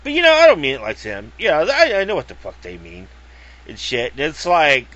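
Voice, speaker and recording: A man's voice: high-pitched, wildly swooping pitch, a little fast, fairly bright tone, dry recording, dull audio. A man ranting casually to camera in a rambling, profane way, full of fillers and acted-out quotes. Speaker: video blogger.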